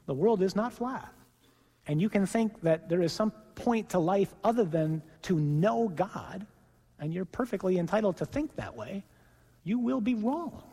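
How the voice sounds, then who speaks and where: A man preaching a sermon as the priest of a parish mission, emphatic, slowing down to stress his points. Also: high voice, very animated, mellow, breathy edge. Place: large church. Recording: long church reverb.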